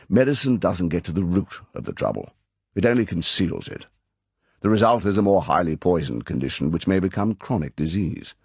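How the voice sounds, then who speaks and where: A man's voice: deep voice, a little mellow, breathy edge, dry recording, full character voice. A man voicing a stern older male spymaster who lectures in a clipped, commanding way, from an audiobook reading. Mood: lecturing.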